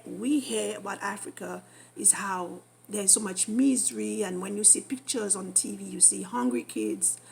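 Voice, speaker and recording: A woman in her thirties vlogging, telling an excited story with gushing, animated exclamations. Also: on the high side, gravelly, breathy edge. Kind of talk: excited casual vlog.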